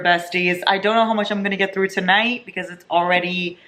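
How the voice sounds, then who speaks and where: A young woman in her twenties, gushing and excitable as she chats casually about books in a reading vlog. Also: mid-range voice, fairly quick, faint music behind. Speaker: book vlogger. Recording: echoey room with faint noise.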